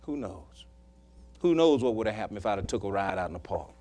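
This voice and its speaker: A man preaching a sermon, telling a personal story in a folksy way that swings from loud to hushed. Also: fairly low pitch, big pitch swings, a little fast. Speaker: pastor.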